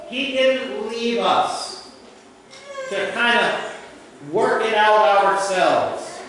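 A male pastor giving a sermon, preaching slowly and emphatically with dramatic pauses. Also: sits high, fairly bright tone, a little hiss or hum. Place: church sanctuary. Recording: distant mic in a reverberant church.

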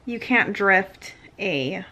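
A woman's voice: medium pitch, expressive, very slow, bright, forceful tone. A pregnant young woman hosting a casual vlog, chatty and giggly, filmed on a handheld camera in a car. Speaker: vlogger host. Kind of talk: casual chat.

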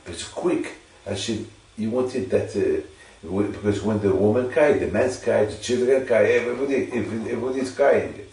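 A man giving an informal Torah teaching to a listener, halting and repeating phrases for emphasis. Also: fairly low pitch, darkish tone. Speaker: religious teacher. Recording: echoey room, distant mic.

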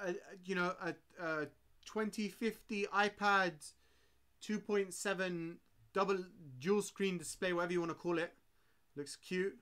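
A young man giving excitable, slangy commentary while opening card packs on a live stream, often breaking into loud shouts. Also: high voice, normal speed, clean tone.

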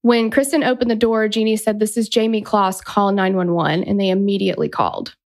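A woman hosting a true crime podcast, her voice sitting at a middle pitch. She tells the story in a loose, conversational way, full of fillers. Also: fairly even intonation, a little fast. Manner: casual, chatty retelling. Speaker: podcast host.

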